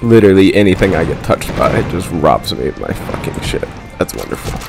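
A man's voice: sits low, very animated, a little fast, vocal fry, over music. A man giving irritable, profanity-heavy commentary while playing a video game. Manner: irritable, swears constantly. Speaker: gameplay streamer. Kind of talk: let's play commentary.

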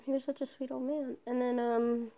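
Young woman venting on a vlog, kinda high voice, swears a lot, dull phone mic sound. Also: level tone, moderate pace. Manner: candid, swears often, trails off with fillers. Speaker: vlogger. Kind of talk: casual personal vlog.

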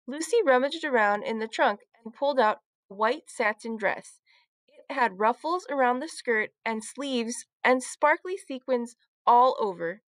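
A woman teacher reading a children's book aloud, with clear, expressive storytelling. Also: a little high, measured pace, no echo.

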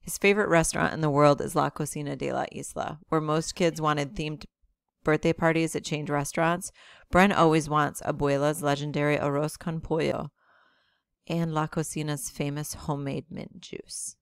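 Woman teacher reading a novel aloud to class, low voice with a gravelly edge, steady delivery. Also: moderate pace, dry recording, studio quality. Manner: steady, plain narration.

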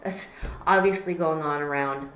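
Lower-pitched woman teacher in echoey room. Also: normal speed, fairly bright tone, a little hiss or hum. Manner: conversational, acts out quoted friends. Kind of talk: explaining a class assignment.

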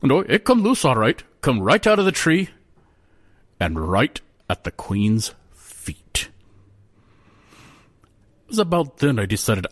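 A man telling a folk tale in a folksy, animated way. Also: medium pitch, measured pace, long pauses, breathy edge. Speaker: storyteller.

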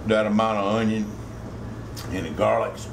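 A man's voice: on the low side, steady tone, normal speed, vocal fry, noisy background. A man with a Louisiana Cajun accent hosting a home cooking video, folksy and joking, swearing freely as he works. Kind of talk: casual cooking demonstration.

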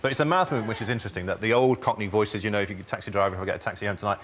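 A man's voice: lowish voice, very fast, few pauses, fairly bright tone, slight background noise. A man, a studio guest, chatting and explaining things with jokes and asides. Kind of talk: casual studio chat.

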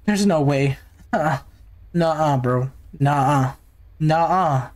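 A man's voice: on the high side, slow pace. Jumpy young man playing a horror game. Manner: jumpy, nervous, talks to himself. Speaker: gaming YouTuber.

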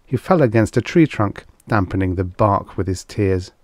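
A man's voice: on the low side, expressive, normal speed, no room sound, studio quality. A man reading vintage science fiction aloud as an audiobook narrator, telling the story expressively. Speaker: audiobook reader.

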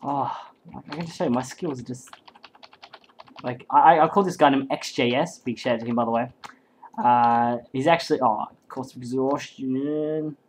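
A man commentates a game in an excitable, rambling stream, swearing freely as he goes. His voice sits at an ordinary middle pitch. Faint keyboard clicks tap away behind him. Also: normal speed, a little hiss or hum, poor audio. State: hyped up and sleep-deprived. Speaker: game caster.

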